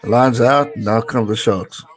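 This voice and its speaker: A man's voice: medium pitch, slow, poor audio. A young man giving casual live watch-along commentary on a rugby match, chatting with viewers and reading out their messages.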